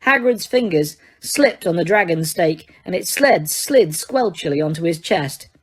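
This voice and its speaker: A woman narrating a fantasy novel aloud at a steady pace, with small slips and restarts. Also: lowish voice, measured pace. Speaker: audiobook reader. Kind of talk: storybook narration.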